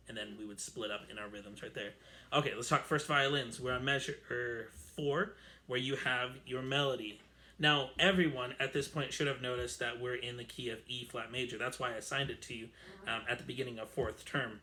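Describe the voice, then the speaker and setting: A music teacher leads a string orchestra lesson on camera from home, speaking fairly quickly in a mid-range voice that sounds pushed and bright. He counts and sings rhythms aloud and chats with fillers, picked up by the camera mic.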